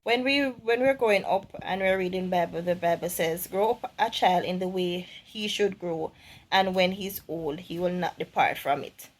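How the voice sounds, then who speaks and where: A middle-aged woman vlogger giving earnest, measured commentary to camera, with small restarts. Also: on the low side, slight background noise.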